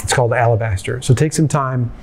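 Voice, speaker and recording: A man pastor giving a conversational sermon, retelling a scene in a lively way and speaking straight to his listeners. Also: medium pitch, fast talker, gravelly, slight background noise.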